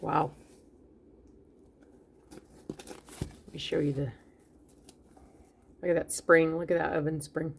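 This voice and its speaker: A woman with a low voice talks through her home baking in a relaxed, chatty vlog style. Her voice has a gravelly, creaky edge. She speaks encouragingly and directly to her viewers. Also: slow pace, long pauses, a little hiss or hum. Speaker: baking channel host. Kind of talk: casual cooking vlog talk.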